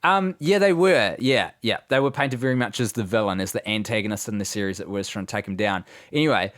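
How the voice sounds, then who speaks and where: A man's voice: on the low side, brisk, fairly bright tone, dry recording, studio quality. A man co-hosting a comedic podcast, rambling and jokey and swearing casually. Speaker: podcast co-host.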